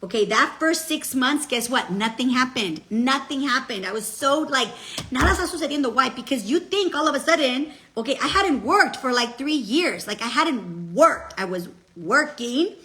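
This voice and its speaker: Woman, middle-aged, casual motivational talk, bright, a bit high, emphatic, mixes in Spanish phrases. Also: lively intonation, normal speed, few pauses. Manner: chatty, emphatic, peppers speech with "okay?" and "guess what"; switches into Spanish phrases mid-sentence. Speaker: motivational speaker.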